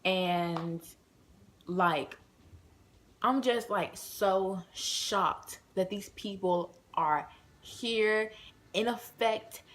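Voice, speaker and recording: A woman's voice: mid-range voice, very slow. A woman from the United States telling a casual storytime vlog, chatty and full of fillers, talking straight to her viewers as y'all. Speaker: vlogger.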